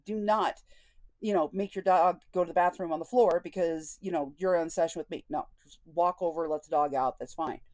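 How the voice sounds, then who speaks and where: A woman's voice: lowish voice, a little fast, a little mellow, no echo. A woman speaking as a vlogger, telling a personal story candidly and with indignation, and often quoting conversations. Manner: candid and indignant, with frequent quoted dialogue.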